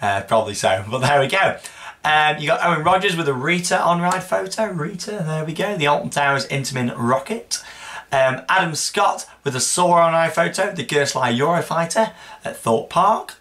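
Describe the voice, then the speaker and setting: Young man, show host, chatty and rambling, bright forward tone. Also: on the high side, animated, normal speed. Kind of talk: casual viewer Q&A.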